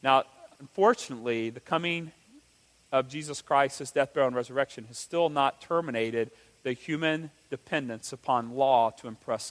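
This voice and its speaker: A man preaching a sermon with animated delivery, asking rhetorical questions and acting out quotes. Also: mid-range voice. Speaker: pastor. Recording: reverberant hall.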